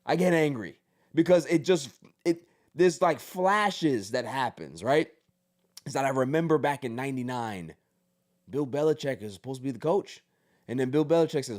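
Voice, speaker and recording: A man's voice: mid-range voice, normal speed, darkish tone. A man hosting a podcast, ranting emphatically about his team with sardonic humor in casual commentary. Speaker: podcast host.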